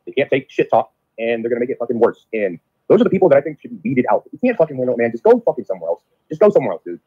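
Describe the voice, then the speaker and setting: A man's voice: medium pitch, rapid-fire, breathy edge. A man on a call-in show, ranting about getting along, swearing often and rambling. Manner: profane, rambling, animated. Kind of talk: casual rant on a live show. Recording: phone-line call audio.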